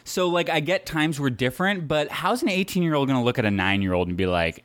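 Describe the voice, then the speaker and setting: A man's voice: medium pitch, a little fast, hardly any pauses, fairly bright tone, dry recording. A man hosting a podcast, casually retelling a history story with lots of fillers and asides. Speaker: podcast host.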